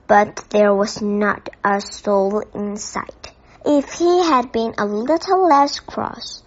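A woman reading a children's novel aloud as a bedtime story, in gentle, steady narration. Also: medium pitch. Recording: dull lo-fi recording.

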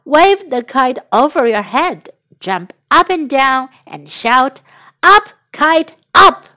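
A woman voicing a patient male frog in a bilingual children's storybook reading, calmly coaxing his friend to try again. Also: high voice, takes it slowly, exaggerated voice. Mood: encouraging. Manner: calm, coaxing.

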